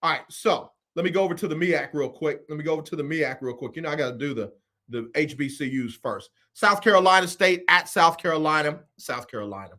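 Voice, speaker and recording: A man hosting a casual sports talk show, running through his football picks in a lively way and repeating his phrases. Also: fairly high pitch, fast talker. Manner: animated, repeats phrases, Southern US Black vernacular.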